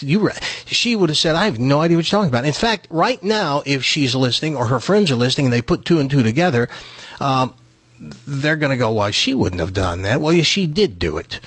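A man from Tennessee hosts a radio talk show and tells a long personal story, acting out every line of the dialogue. His voice is a little husky and sits in the middle of the range. He is recorded dry on a close studio mic. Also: medium pitch, expressive, brisk, fairly bright tone, no room sound. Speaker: radio host.

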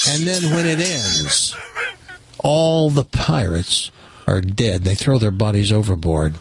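A radio host spinning a long joke as an animated storyteller, drawing out key moments. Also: male voice, fairly low pitch, loud music behind the voice. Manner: animated storyteller, drawn-out pacing. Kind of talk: telling a long joke on air.

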